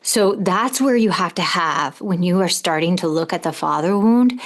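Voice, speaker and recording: A middle-aged woman with a fairly low voice hosts a podcast in a direct, earnest monologue. She keeps putting questions straight to her listeners as she talks them through the topic. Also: lively intonation, moderate pace. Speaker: podcast host and coach. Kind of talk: advice monologue.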